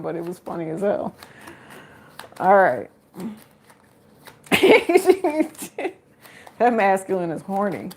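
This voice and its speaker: A woman's voice: medium pitch, big pitch swings, takes it slowly, long pauses. A woman giving a casual live tarot reading, chatty and joking with viewers and laughing often. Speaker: tarot card reader.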